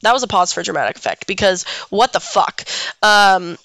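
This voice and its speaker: A woman's voice: medium pitch, expressive, normal speed, creaky, fairly bright tone, no echo, low-quality recording. A young adult woman hosting a podcast, telling a personal story in a candid, casual way and swearing freely. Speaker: podcast host.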